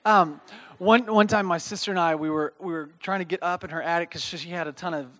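High-voiced man preaching a lively sermon. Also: fast talker. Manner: animated, keeps asking the listeners "okay?"; reads scripture aloud, then explains it plainly. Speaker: pastor. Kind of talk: conversational sermon.

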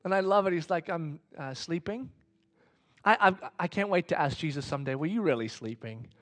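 Brief: male pastor, slightly higher voice, lively sermon storyteller who drops to near-whispers. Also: fast. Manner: animated storytelling, swinging from loud excitement to hushed whispers; casual, chatty phrasing.

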